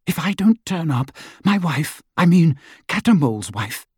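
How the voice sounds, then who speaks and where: A man's voice: fairly high pitch, sing-song, unhurried, darkish tone, breathy edge, dry recording, studio quality, voice pushed up, heavily acted. A man reading an audiobook, voicing a flustered, panicky teenage wizard boy. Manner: flustered, desperate.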